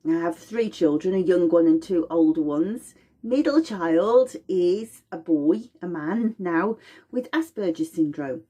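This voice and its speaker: A woman's voice: lowish voice, mellow, breathy edge. A middle-aged woman teaching about aromatherapy in an informal, explanatory way, acting out little voices and sounds as she goes.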